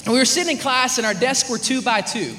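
A young man preaching, telling a story with animated swings from loud to hushed. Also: very high-pitched, quick pace, a little hiss or hum. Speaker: youth preacher. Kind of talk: sermon with storytelling. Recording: echoey room, faint ambience.

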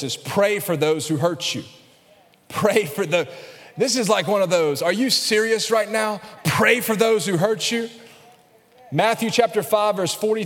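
A male pastor preaching a sermon to his congregation, building up to loud, emphatic calls and addressing the crowd directly. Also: high voice. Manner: preaching with rising intensity, calling out to the congregation. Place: large church hall. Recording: reverberant church hall.

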